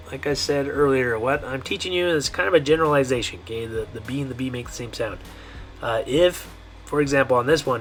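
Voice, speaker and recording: A man teaching a pronunciation lesson, who talks patiently and repeats each word slowly with a frequent "okay". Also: medium pitch, fairly bright tone. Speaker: Spanish teacher. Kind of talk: language lesson.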